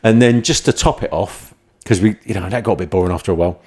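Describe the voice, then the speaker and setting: A man's voice: sits low, fast talker, a little mellow. Laughing man spinning pranks stories. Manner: rambling anecdotes, laughs often, acts out voices in quotes. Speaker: podcast host and former firefighter. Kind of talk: casual storytelling chat.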